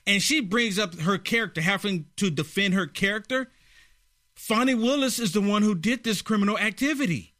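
A man's voice: high voice, normal speed, sharp tone, no room sound, studio quality. Indignant male talk show host. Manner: indignant, pointed questioning. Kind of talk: political talk radio.

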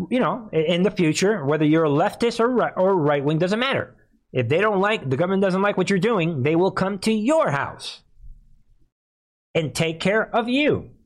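A man hosting a political commentary show, talking emphatically, repeating himself and often clearing his throat. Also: on the high side, poor audio. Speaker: host.

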